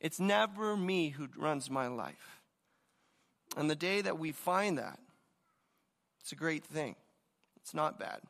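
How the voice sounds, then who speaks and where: A man in his thirties delivers an energetic sermon, stumbling and repeating words as he builds into each point. His voice sits high and sounds bright and forceful. A long reverb trails behind him, as if he is in a large hall. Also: slow pace, gravelly, long pauses. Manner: energetic, storytelling, repeats words when starting a thought. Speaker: pastor.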